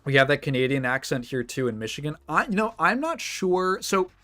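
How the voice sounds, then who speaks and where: A Midwestern American streamer reacts to a video in casual chat, rambling, restarting sentences and laughing often. His voice is on the high side and sharp-toned, with big pitch swings at a moderate pace.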